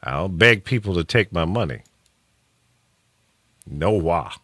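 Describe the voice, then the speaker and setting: A man's voice: sits low, brisk, dry recording, clean studio sound. A man hosting a talk show, chatting casually and giving opinions with plenty of restarts and chuckles. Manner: opinionated, animated, chuckles often, frequent restarts. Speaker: radio talk show host.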